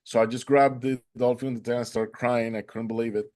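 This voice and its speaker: A man earnestly telling a personal story, halting and restarting as he goes. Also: mid-range voice, flat delivery, a little mellow.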